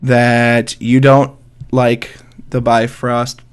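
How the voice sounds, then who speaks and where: A man's voice: medium pitch, little pitch movement, drawn-out words, smooth. A man co-hosting a casual podcast, rambling in a laid-back way with lots of "like"s and frequent laughter. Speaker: podcast co-host.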